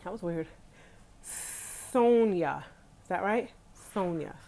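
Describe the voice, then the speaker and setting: A woman's voice: on the low side, slow pace, creaky. A young adult woman from Brooklyn, chatting casually and animatedly with her live-stream viewers from her bed at home. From Brooklyn, New York, USA. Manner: chatty and animated, talks straight to viewers with Southern "y'all". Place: at home, indoors, on her bed on a rainy day.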